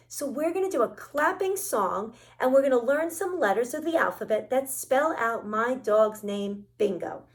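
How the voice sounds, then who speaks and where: A woman librarian leading a children's story time, talking slowly and cheerfully to young children. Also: a little high. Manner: slow, cheerful teacherly talk to young children. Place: library program room. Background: backing music of a children's song.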